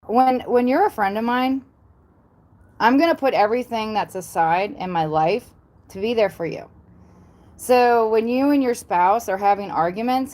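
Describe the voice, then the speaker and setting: Her voice sits on the high side, a little mellow, at normal speed, as this woman from the American South rambles through a casual livestream. With a Southern accent, she repeats herself, says um often, and throws in blunt asides and mild curses.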